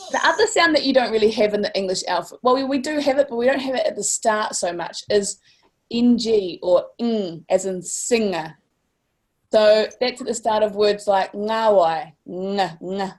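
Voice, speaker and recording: A woman's voice: medium pitch, normal speed. A woman with a New Zealand accent teaching a class, upbeat and encouraging, stretching words out to model sounds. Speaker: language teacher.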